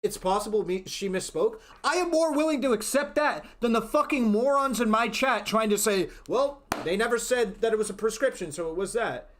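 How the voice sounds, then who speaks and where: A man's voice: high voice, lively intonation, moderate pace, hardly any pauses. A man streaming live, ranting in an exasperated, profane way, often restarting his sentences. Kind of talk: heated livestream rant.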